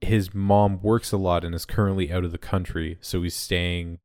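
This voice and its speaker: A man on a podcast tossing out dry, teasing quips in casual chat. His voice sits on the low side. He is heard close and dry on the mic. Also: flat delivery, normal speed, a little mellow, dry recording. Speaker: podcast co-host.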